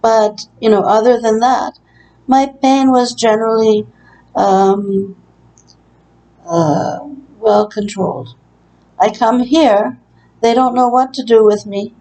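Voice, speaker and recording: Earnest aggrieved woman, mellow voice. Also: a little high, steady tone, slow, long pauses, low-quality recording. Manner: earnest, aggrieved, hesitant with frequent uh. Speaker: long-term care resident. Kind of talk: personal testimony vlog. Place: her room in a care facility, bedbound.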